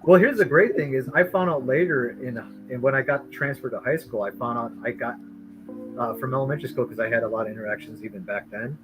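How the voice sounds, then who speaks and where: Middle-aged male storyteller, mid-pitched, rambling and animated, music bed behind. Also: quick pace, low-quality recording. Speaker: artist streamer telling a story. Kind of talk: casual storytelling chat.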